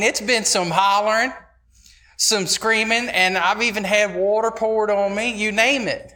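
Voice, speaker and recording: A man's voice: sits high, sharp tone. A man preaching a sermon, talking to the congregation in a conversational but emphatic way and often repeating his phrases.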